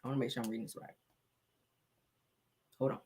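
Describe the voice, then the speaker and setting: A woman's voice: very deep voice, flat delivery, quick pace, mellow, slight background noise. A woman hosting a casual gossip commentary, reading messages aloud, chatty and profane, talking straight to her viewers.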